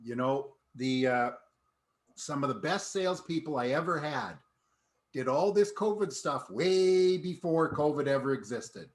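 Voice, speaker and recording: A man hosting a panel discussion over video call, speaking in a relaxed, conversational way. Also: on the high side, a little slow. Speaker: host.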